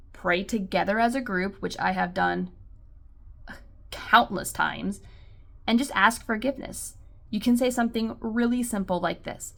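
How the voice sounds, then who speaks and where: A woman's voice: mid-range voice, gravelly, fairly bright tone. A homeschooling mother giving earnest, reassuring encouragement, speaking casually with many likes and ums. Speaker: homeschool mom and channel host. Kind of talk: encouraging talk to camera.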